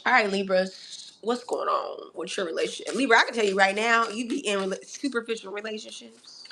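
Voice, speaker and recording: A woman's voice: mid-range voice, brisk, gravelly, a little hiss or hum. Sassy woman giving a tarot reading. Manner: sassy, animated, calls the audience honey and darling; laughs often between remarks. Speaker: tarot reader. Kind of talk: live astrology tarot reading.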